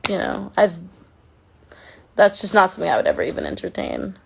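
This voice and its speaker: Woman with heavy vocal fry. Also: mid-range voice, wildly swooping pitch, a little fast, slight background noise. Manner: chatty and affectionate, casually swearing. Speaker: livestreamer answering fan comments. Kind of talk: casual livestream chat.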